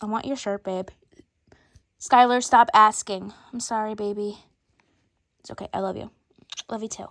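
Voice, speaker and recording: A woman performing an improvised skit, switching rapidly between many bickering characters in different voices. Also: mid-range voice, steady tone, fairly bright tone, no echo, clean studio sound. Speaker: storyteller voicing every character. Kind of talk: improvised doll-play skit.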